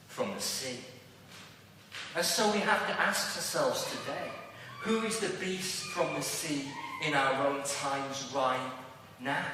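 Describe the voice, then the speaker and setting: Man, Liverpool accent, sermon, slow and emphatic, bright forceful voice, rhetorical questions, very echoey church hall, distant mic. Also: a little high, a little hiss or hum. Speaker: preacher. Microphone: distant room mic.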